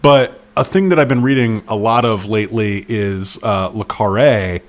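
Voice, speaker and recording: A man with a somewhat low voice co-hosts a relaxed book chat. He talks in a wry, quick, self-deprecating way, griping with humor. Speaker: podcast co-host. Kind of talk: casual book discussion.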